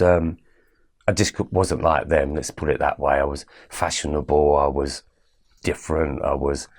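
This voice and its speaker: Low-voiced man telling a personal story. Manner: animated storytelling with quoted exchanges. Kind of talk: personal story told to camera.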